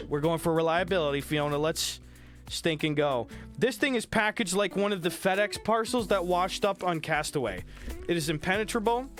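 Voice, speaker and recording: A man's voice: on the high side, a bit bright. A man chatting casually on a live stream while sick, reading chat, thanking viewers by name and swearing freely.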